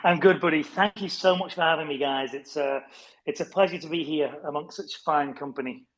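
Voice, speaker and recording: A man's voice: fairly high pitch, fairly quick, a bit bright, low-quality recording. A man from Wigan with a northern English accent, a chatty interview guest who calls everyone mate. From Wigan, Greater Manchester, England. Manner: chummy, says mate and buddy a lot, chatty. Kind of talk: casual online interview chat.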